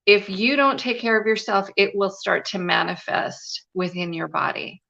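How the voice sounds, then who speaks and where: A woman's voice: medium pitch, moderate pace, gravelly, bright, forceful tone, muffled recording. A woman guest telling a personal story in a live interview, earnest and confiding, with many "you know" fillers. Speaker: guest, spiritual and business mentor.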